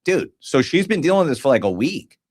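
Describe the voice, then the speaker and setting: A man's voice: on the high side, fairly quick. A man co-hosting a podcast, telling a story in casual slangy chat and acting out what other people said. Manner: animated storyteller, slangy, acts out others' lines. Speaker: podcast co-host.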